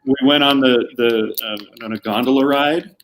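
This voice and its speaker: A man, an entertainment reporter, telling stories in a rambling, relaxed way as a guest on a casual video chat. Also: mid-range voice, normal speed, noisy background.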